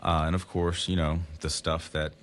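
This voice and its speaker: A very low-voiced man chats casually as a podcast guest. He tells his story with energy and jumps into high, lively voices when he quotes people. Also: moderate pace. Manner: animated storyteller acting out voices of others.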